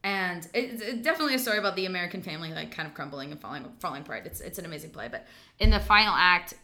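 Guesting on an informal podcast, this actress from the stage spins an animated, chatty tale packed with filler words. She talks very quickly in a somewhat low register.

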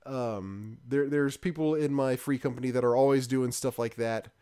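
Brief: man, mid-pitched voice, relaxed podcast co-host, easygoing rambler. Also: normal speed, clean tone. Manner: rambling, easygoing, self-correcting. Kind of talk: casual podcast chat about games.

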